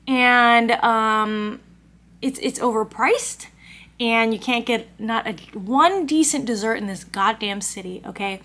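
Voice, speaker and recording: A woman's voice: fairly high pitch, fairly bright tone. A woman vlogger telling a story as a rant, brash, profane and exasperated. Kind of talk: ranting storytime.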